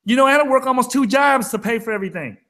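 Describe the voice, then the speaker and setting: A man's voice: very high voice, rapid-fire, sharp tone. A man co-hosting a trading talk show, talking in an emphatic, fired-up rant. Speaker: co-host of a crypto trading show. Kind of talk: casual chat.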